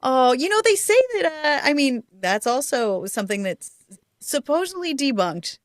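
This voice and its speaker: A woman's voice: high-pitched, very animated, normal speed, no echo, clean studio sound. A middle-aged woman co-hosting a podcast, chatting casually and laughing often. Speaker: podcast co-host. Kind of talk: casual chat.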